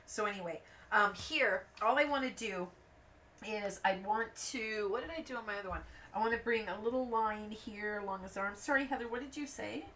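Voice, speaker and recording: A woman's voice: mid-range voice, brisk. A woman hosting a craft channel, chatting and telling rambling stories while she colors, acting out the voices of the people in them. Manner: rambling, animated anecdotes with acted-out quotes. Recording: voice a bit distant from the mic, faint background noise.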